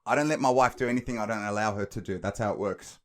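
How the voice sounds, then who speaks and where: Brief: male podcast co-host, somewhat low voice, wry and crude storyteller. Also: rapid-fire, noisy background. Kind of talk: casual podcast chat.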